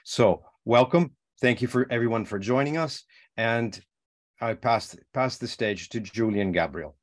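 A man's voice: mid-range voice, measured pace. A man hosting and opening a talk event, welcoming guests in a formal but hesitant way with frequent fillers. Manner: hesitant, with many uhs. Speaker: director of education, event host.

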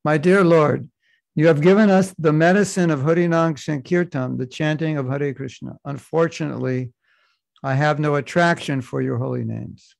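A man teaching a scripture class, reading passages slowly and adding joking asides in between. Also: a little high, gravelly, no echo. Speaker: spiritual teacher.

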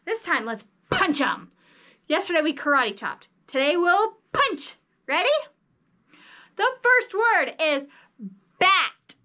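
A woman leading young children through a phonics lesson in a sing-song teacher voice. Her voice is very high, bright and lively, and she talks slowly and carefully. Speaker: early reading teacher.

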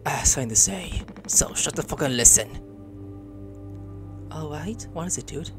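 An excitable male gamer commenting on a horror game, his voice leaping up and down in pitch as he swears and yells at the screen. Game music plays clearly behind him. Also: moderate pace. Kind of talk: let's play commentary.

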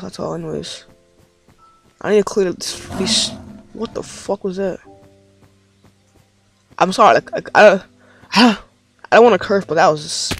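A man's voice: sits high, moderate pace, vocal fry, pauses often, soft background music. A man giving rambling let's play commentary on his game, easily frustrated and swearing often. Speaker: gaming commentator.

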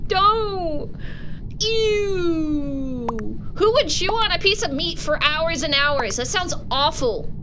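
High-pitched animated woman streamer. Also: takes it slowly. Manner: animated, loud outbursts, slangy. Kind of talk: casual livestream gaming chat. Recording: noticeable background noise.

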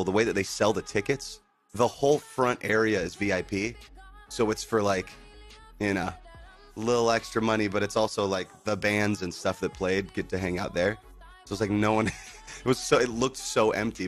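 A man on a relaxed livestream from home, greeting his viewers in an easygoing, upbeat way. His voice sits fairly low. Faint music plays behind him. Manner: laid-back and upbeat, full of "dude" and "man". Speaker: livestreamer and band singer. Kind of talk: casual livestream chat with viewers. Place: at home indoors.

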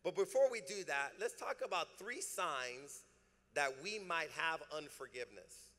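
A man preaching in a church sanctuary, his voice pitched high and ringing bright. He drives his points home with emphatic, repeated phrases and calls the congregation to answer back. Long reverb trails after his words from the large hall. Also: lively intonation, a little slow. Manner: emphatic preaching with call-and-response. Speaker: pastor. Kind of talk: sermon.

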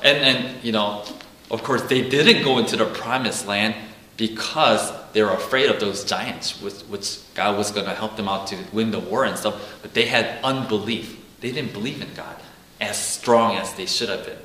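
A man's voice: mid-range voice, moderate pace, fairly bright tone, echoey room, poor audio. A man giving an informal Bible teaching, talking casually, repeating himself and acting out quotes. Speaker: preacher.

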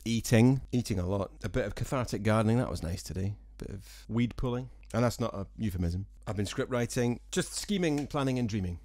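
Dry-joking man with a softened Scottish accent. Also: fairly low pitch, no echo. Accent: Scottish, softened by years in England. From Scotland. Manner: dry, self-mocking, jokey asides. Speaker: singer-songwriter. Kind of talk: rambling casual vlog chat to viewers. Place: small room at home, with a fan.

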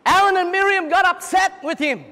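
A man preaching a fervent sermon as pastor at a church service, at times breaking into shouts. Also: very high voice, moderate pace, in a large hall.

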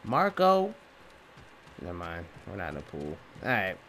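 A man giving let's play commentary, reacting out loud and trash-talking the game. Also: sits low, fast talker, a little hiss or hum. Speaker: gaming channel host. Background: game music.

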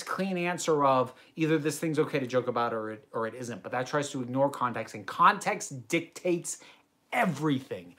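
In his bedroom, a young American host reads livestream chat questions out loud and answers them at length, drifting into tangents. His voice sits on the high side and sounds a bit bright.

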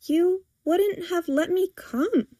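A woman's voice: dark tone, dry recording, studio quality. A woman voicing a timid but stubborn teenage girl who talks in a pleading way. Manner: pleading, higher and slower than the narration.

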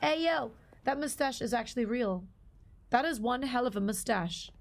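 A woman's voice: on the high side, lively intonation, normal speed, creaky. Chatty woman streamer with a strained voice. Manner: chatty, reads out and greets chat viewers. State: voice partly lost, slightly strained. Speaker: live-stream gamer. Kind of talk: casual live-stream chat with viewers.

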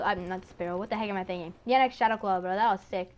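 A gaming YouTuber with a medium-pitched voice talks very fast while commenting live on a match, chatty and excitable, addressing on-screen enemies and screaming when startled.

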